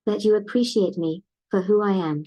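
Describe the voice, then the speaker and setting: A woman's voice: medium pitch, moderate pace, mellow, low-quality recording. A woman's synthetic voice with a British accent, an AI companion giving short, repetitive affectionate replies.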